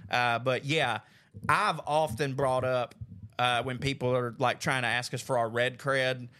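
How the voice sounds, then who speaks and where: A man hosting a podcast, telling a story in a casual, animated way and acting out what people said. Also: measured pace, clear, resonant tone. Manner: animated storyteller, acts out quotes with big pitch jumps. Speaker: podcast host.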